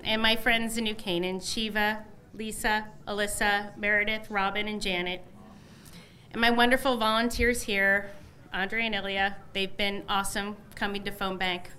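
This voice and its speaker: A woman's voice: mid-range voice, little pitch movement, moderate pace, pushed and bright. A middle-aged woman, a newly elected candidate, gives an emotional, effusive election night victory speech at a headquarters party, thanking many people.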